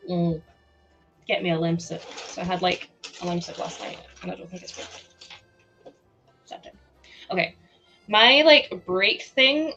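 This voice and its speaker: A woman's voice: on the low side, creaky, a bit bright, muffled recording. A young woman with a sore throat, chatting casually and giggling on a livestream while she builds, talking into a headset at home. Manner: chatty, giggly, reacts to chat aloud. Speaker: livestream host.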